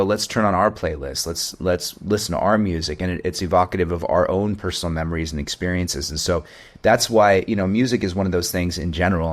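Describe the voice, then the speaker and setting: A man, a video game composer, talking about his work in a reflective, meandering way with many restarts. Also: low-pitched. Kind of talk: conversational interview.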